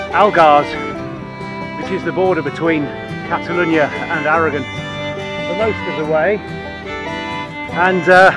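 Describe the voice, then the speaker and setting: A man, a bit tired, riding a bike outdoors and rambling through wry, chatty asides as he vlogs the ride. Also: high voice. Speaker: cycling vlogger. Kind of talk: rambling ride-along commentary.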